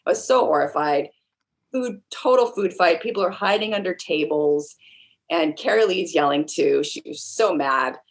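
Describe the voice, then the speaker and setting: A woman with a fairly low voice recounts the story in an animated way. She slips into the voices of the people she quotes. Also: normal speed. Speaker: caterer guest. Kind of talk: casual podcast storytelling.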